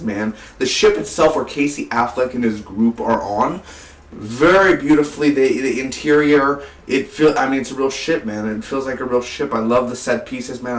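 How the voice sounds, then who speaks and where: A man talking through a movie review in a loose, rambling vlog style, peppered with fillers and calling the listener "man". His voice sits in a middle pitch. The sound is roomy, as if he's sitting a few feet from the microphone. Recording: roomy, distant from the mic.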